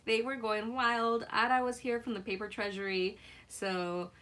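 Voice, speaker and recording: A woman's voice: a little high, fairly even intonation, takes it slowly, fairly bright tone. A woman with a slightly raised voice hosts a live crafting session. She chats easily with her viewers as she works and breaks into giggles often. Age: adult mother. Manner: giggly, laughs often between remarks; chats with viewers while working. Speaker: craft livestream host. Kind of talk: casual chatty craft demo.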